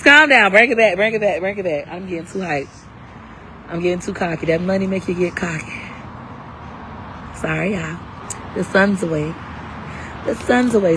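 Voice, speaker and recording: A woman's voice: lowish voice, noisy background. Brash, hyped woman selling live. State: under the weather. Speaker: live-stream seller and coach. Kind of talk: casual livestream sales talk.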